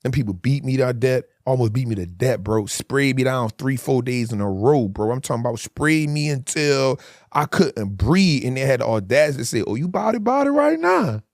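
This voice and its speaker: A man's voice: medium pitch, normal speed, darkish tone, no echo, clean studio sound. A man in his forties, a guest telling hard stories in a candid interview, emphatic and full of street slang.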